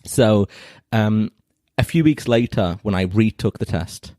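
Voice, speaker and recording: A young man co-hosting a comedy podcast, teasing his partner with quick jokey interjections. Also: lowish voice, warm tone, no echo, studio quality. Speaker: podcast co-host. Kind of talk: casual comedic chat.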